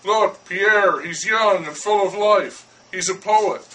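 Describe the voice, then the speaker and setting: A man's voice: high voice, slow pace, fairly bright tone, distant mic, low-quality recording. A man voicing a condescending poet who coolly talks down to a baker. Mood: patronizing. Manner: smooth, patronizing, persuasive. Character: languid condescending male poet.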